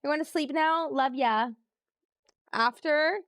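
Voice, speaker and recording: In a high, fairly bright voice, a woman speaks slowly while streaming a trivia game, recorded dry at studio quality. She chats casually with viewers, reads clues aloud and laughs easily.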